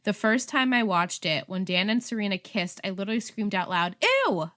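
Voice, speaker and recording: A woman co-hosting a podcast, chatting casually and retelling a TV episode in an animated way. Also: medium pitch, brisk. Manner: chatty, animated storytelling with frequent fillers. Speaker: podcast co-host. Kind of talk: casual chat recapping a TV episode.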